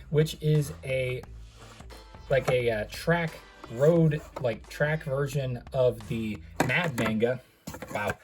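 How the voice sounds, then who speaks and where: A young man hosting a toy car unboxing vlog from his home studio, talking in a rambling, chatty way with frequent self-corrections and asides. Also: mid-range voice. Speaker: toy car reviewer, channel host. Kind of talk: casual unboxing vlog talk.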